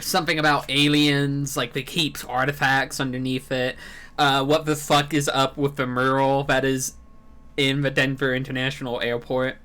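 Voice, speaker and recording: A man's voice: mid-range voice, fairly bright tone. A man telling a rambling story on a live stream while eating pizza. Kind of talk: casual stream chat.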